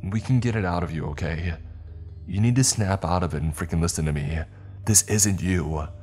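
A man's voice: sits low, moderate pace, darkish tone, faint music behind, lightly acted. A man voicing a frightened young woman who pleads with her friend in a horror story. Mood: pleading. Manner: pleading, strained. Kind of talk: scripted horror narration.

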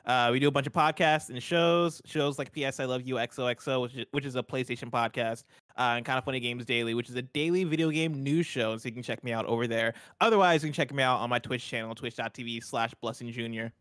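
A man's voice: medium pitch, quick pace, fairly bright tone, dry recording, studio quality. A man who makes gaming content, chatting enthusiastically as a stream guest. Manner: enthusiastic, gushing. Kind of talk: casual chat.

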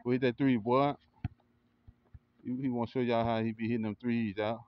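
Man vlogger, casual backyard hype commentary, cheers loudly and laughs a lot, mid-pitched, slightly muffled lo-fi phone sound. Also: fairly even intonation, fairly quick, no echo. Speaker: vlogger and kennel owner. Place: outdoor backyard by a grill.

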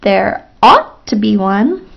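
A woman reading the part of a small male mouse acting as schoolteacher, brisk and offhand, on a lo-fi recording. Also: mid-range voice, big pitch swings, vocal fry, full character voice.

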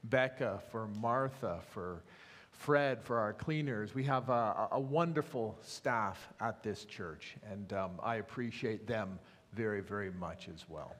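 A man preaching a sermon as pastor, earnest and measured, trailing softly at phrase ends. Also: fairly low pitch. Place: church sanctuary. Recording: echoey church hall.

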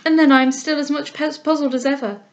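An eager, heartfelt young woman, humble but impulsive, her voice lifted high and keen, as a woman reader puts her on. The lo-fi recording dulls the sound a little. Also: steady tone, fast. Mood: earnest, eager. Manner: eager and heartfelt, speaking up with spirit.

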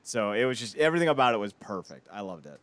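A man co-hosting a podcast in casual chat, animated and prone to acting out quotes loudly. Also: fairly low pitch, fast talker, no room sound. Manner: animated, acts out quotes with loud outbursts. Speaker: podcast co-host.

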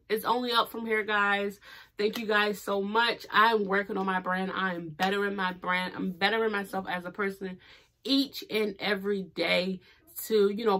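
A young woman vlogging about her small business, teary and emotional, speaking in fervent motivational declarations. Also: medium pitch. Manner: animated and expressive, many fillers. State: teary from crying. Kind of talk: casual heartfelt talk to camera.

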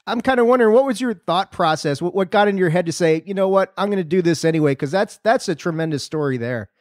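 A man's voice: high-pitched, lively intonation, quick pace, a little mellow, dry recording, studio quality. A man hosting a podcast interview, asking questions with eager admiration. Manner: enthusiastic, admiring. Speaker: podcast host.

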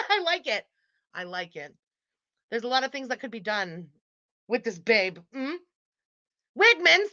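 A woman's voice: high voice, pushed and bright, no room sound. A woman hosting a livestream and reading out super chats in casual chat. She laughs often, teases her viewers and swears freely. She talks through a muffled built-in computer mic. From Quebec, Canada.

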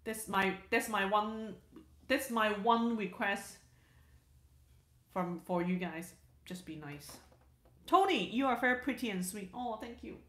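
Woman hosting a live stream, chatty, repeats herself a lot, slow easy pace, roomy echo. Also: mid-range voice, a bit bright. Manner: chatty, restarts sentences, repeats words, laughs often. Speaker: livestream host. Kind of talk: casual livestream chat reading viewer comments.

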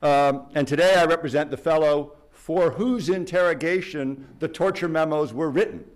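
A man, a litigator, speaking in a measured, halting way on an academic panel in a lecture hall. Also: fairly high pitch. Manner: measured, hesitant, many restarts.

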